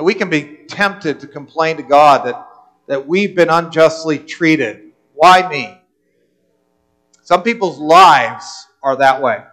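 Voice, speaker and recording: Male pastor with a high voice, earnest sermon delivery. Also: fairly bright tone, rough recording. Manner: earnest preaching, repeats words when restarting.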